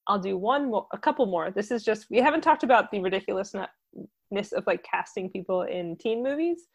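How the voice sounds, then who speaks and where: A woman with a New Jersey accent, co-hosting a podcast in casual chat, lively and full of fillers. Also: mid-range voice, brisk. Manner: chatty, lively storytelling with many fillers. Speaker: podcast co-host.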